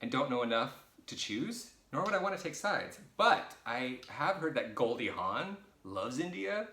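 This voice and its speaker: A man's voice: mid-range voice, very animated, unhurried, bright, forceful tone, echoey room. A middle-aged American man casually rambling through a viewer Q&A, chatty and self-deprecating, with jokey asides, in his boyfriend's home. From United States. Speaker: vlogger answering viewer questions.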